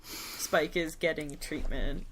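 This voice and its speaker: A woman's voice: low voice, slow, a bit bright. A woman co-hosting a podcast recap in casual chat, breezy and wry, with jokey asides. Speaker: podcast co-host.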